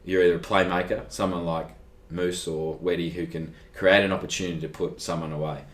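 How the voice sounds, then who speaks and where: Deep-voiced Australian man telling a story. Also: brisk. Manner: animated, acts out conversations, frequent "like". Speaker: guest athlete. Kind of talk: casual storytelling interview. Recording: echoey room.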